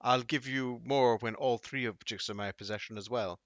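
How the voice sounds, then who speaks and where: A man voicing a scheming middle-aged brothel madam who bargains smoothly and sounds pleased with herself. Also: mid-range voice, fairly even intonation, normal speed, fairly bright tone, dry recording, close to an everyday voice. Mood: smug. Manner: smooth, self-satisfied bargaining. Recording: dull dry audio.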